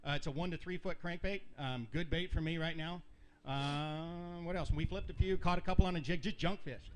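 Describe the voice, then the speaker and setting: A man telling rambling, animated stories at an outdoor fishing weigh-in, often laughing as he talks. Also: fairly high pitch, a little fast, clean tone. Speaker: tournament angler. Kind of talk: storytelling at a weigh-in.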